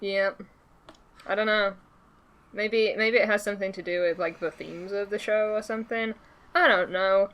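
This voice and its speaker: A woman from England hosting a casual chat, talking freely and laughing often, and reading aloud haltingly at times. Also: mid-range voice, fairly even intonation, fairly bright tone. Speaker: host.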